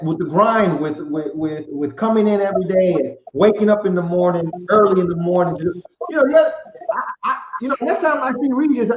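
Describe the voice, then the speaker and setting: A man's voice: high-pitched, a little hiss or hum. A man hosting a podcast, reflecting on discipline and persistence in a casual, motivational way. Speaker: podcast host. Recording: echoey, dull remote call audio.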